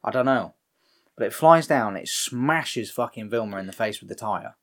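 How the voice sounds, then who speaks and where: A man's voice: on the low side, expressive, moderate pace, a bit bright. A man in casual, sweary film-recap chat, acting out the characters' lines as he goes.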